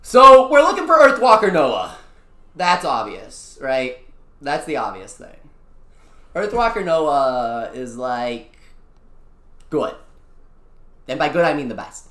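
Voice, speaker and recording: Excitable young-adult streamer, bright and bouncy pitch, roomy echoey sound; slangy live-stream chat. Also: normal speed. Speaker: VTuber streamer. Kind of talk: casual live-stream chat over a mobile gacha game. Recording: echoey room.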